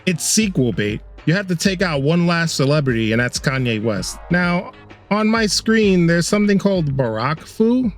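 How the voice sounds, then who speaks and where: A man's voice: on the high side, sing-song, moderate pace, faint music behind. A man narrating a casual video game review, sarcastic and swearing often.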